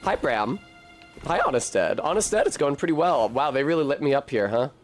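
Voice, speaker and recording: A man's voice: on the high side, big pitch swings, fairly quick, soft background music. A man giving casual, profane, jokey commentary while playing a game on stream.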